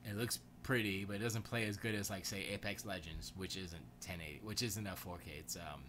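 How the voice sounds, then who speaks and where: A man hosting a live stream from his home studio, rambling in a loose, excitable, slangy way about games and movies. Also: sits low, a little fast, noisy background. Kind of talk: casual gaming and movie chat.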